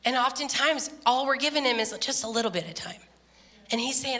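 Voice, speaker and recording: A woman preaching a sermon, telling a story with lively, laughing quotes. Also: high-pitched, a little fast, big-room sound. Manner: animated storytelling, laughing, voice jumps up when quoting. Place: church.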